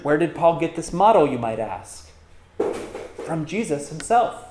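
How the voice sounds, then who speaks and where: A man's voice: a little high, sing-song, a little slow, echoey room, background noise. A man pastor preaching a sermon, asking rhetorical questions and reading scripture aloud with emphasis.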